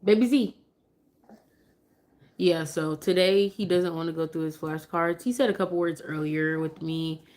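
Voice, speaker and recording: A woman's voice: on the low side, unhurried, darkish tone. A mother chatting casually on a live stream, open and emotional, turning sing-song when she coaxes her toddler.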